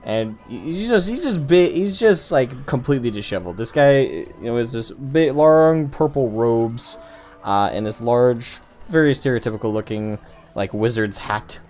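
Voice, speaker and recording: A man narrating as game master of a tabletop game, talking in halting bursts with frequent restarts. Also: mid-range voice, animated, darkish tone, soft background music. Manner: halting, many restarts and fillers.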